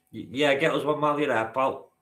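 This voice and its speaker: A man's voice: mid-range voice, a bit bright, reverberant. A man hosting a live-stream quiz, bantering with the chat and swearing now and then. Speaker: quizmaster.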